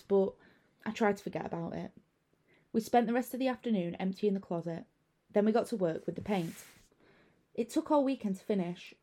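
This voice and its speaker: A young adult woman narrating a first-person horror story in a measured way, letting the unease build slowly. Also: medium pitch, mellow.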